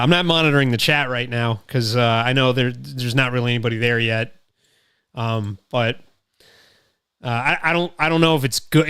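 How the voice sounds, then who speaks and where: A man's voice: mid-range voice, a bit bright, clear, resonant tone, no room sound, studio quality. A man from Connecticut hosting a casual live stream, thinking aloud as he reacts to clips online. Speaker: streamer host. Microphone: close studio mic through mixer.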